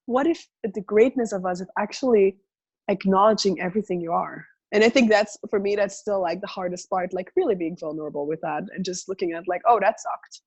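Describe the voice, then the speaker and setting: A woman's voice: mid-range voice, fairly quick, darkish tone, slightly rough, muffled recording. A woman speaking as a guest facilitator in a conversational video call, reflective and full of questions, acting out inner voices.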